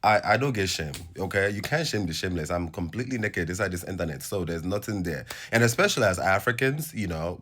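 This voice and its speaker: A man from Nigeria with a Nigerian accent, hosting a casual monologue to camera in an animated, preachy way with laughing asides. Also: deep voice. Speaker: host.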